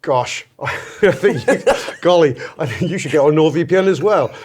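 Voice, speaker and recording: A man's voice: fairly high pitch, lively intonation, unhurried, darkish tone, a little hiss or hum. A man hosting a casual football podcast, playful and jokey, often laughing as he talks. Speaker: podcast host.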